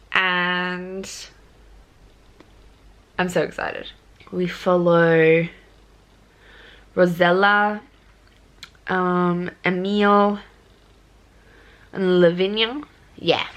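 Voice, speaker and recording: A young woman with an Australian accent talks through her book haul in a casual vlog. Her voice sits a little low, and she rambles with lots of ums and self-corrections. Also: a bit bright. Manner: chatty, rambling, full of ums and restarts. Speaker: book vlogger.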